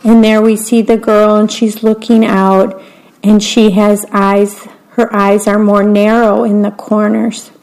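A woman's voice: mid-range voice, flat delivery, a little mellow, low-quality recording. A woman reading children's picture books aloud, patiently describing each picture as she goes. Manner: slow, plain and patient, pointing out the pictures. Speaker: story reader.

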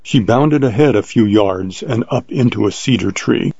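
A man reading an adventure story aloud in a measured, vivid way, on a dull lo-fi recording. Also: lowish voice, gravelly, warm tone, husky, no room sound. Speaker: narrator. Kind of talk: scripted narration of an adventure story.

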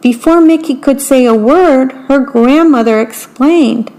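A woman reading a picture book aloud at a slow, deliberate pace. Her voice sits a little high, and she stops between passages to describe the pictures. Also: warm tone. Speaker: storyteller.

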